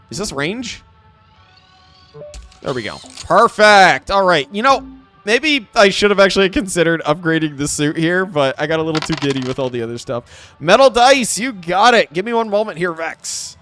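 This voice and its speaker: Excitable high-pitched gamer guy. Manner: excitable, animated, playful. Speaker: streamer. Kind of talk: live game commentary with chat.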